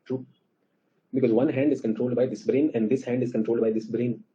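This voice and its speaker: A man lectures a class with an Indian English accent, animated and always checking whether the students follow. He talks at a brisk clip in a mid-pitched voice. The recording sounds muffled and lo-fi. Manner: animated, asks the class questions often. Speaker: teacher.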